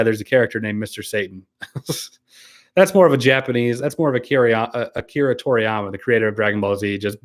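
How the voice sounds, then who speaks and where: A man hosting a casual live stream, reading viewer comments aloud and answering them in an easygoing, hesitant way. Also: mid-range voice. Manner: easygoing, hesitant, many ums and restarts, laughs often.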